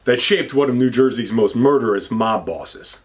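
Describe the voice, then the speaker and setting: A man's voice: mid-range voice, animated, moderate pace, close to an everyday voice. Grave true-crime narrator, voiced by a man: solemn, dramatic, mid-range voice. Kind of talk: mock documentary narration.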